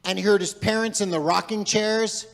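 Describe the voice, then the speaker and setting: A rabbi tells a folk tale to his congregation in a large synagogue sanctuary, playfully leading them in animal sounds. His high, creaky voice keeps a steady tone at a moderate pace, with soft music and long hall reverb behind him.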